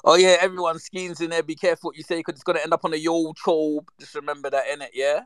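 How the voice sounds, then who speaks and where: A man, chatting casually and reminiscing with lively slang, acting out the voices in his stories. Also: on the high side, fast, clear, resonant tone, no echo. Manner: animated, slangy, acts out quoted voices. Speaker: storyteller.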